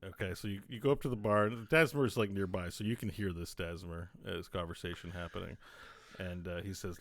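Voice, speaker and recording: A man narrating as game master in a casual, halting way. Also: sits low, steady tone, no echo. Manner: casual, hesitant narration with fillers.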